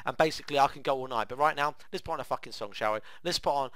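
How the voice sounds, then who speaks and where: Excitable young man with a bright voice. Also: mid-range voice, rapid-fire. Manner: excitable, swears freely, acts out voices in his stories. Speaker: game streamer. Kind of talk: casual storytelling while playing a game.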